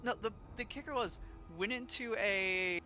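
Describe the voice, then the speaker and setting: A man's voice: high voice, moderate pace, lo-fi sound, faint music behind. A man streaming and chatting casually, ranting and swearing a lot as he talks about a game. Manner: animated ranting, swears often. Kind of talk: casual gaming chat.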